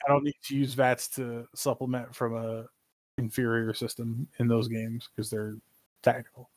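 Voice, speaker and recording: A man co-hosting a casual gaming podcast, talking in an animated, profane, rambling way with sudden jumps in pitch. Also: normal speed, no room sound. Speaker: podcast co-host.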